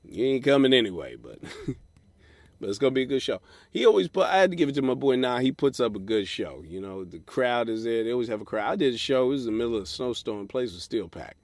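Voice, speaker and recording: A man hosting a comedy podcast alone, ranting profanely from his car in a parking lot and mocking people in a high falsetto. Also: lively intonation, quick pace, a little mellow, no echo. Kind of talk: solo comedy podcast rant.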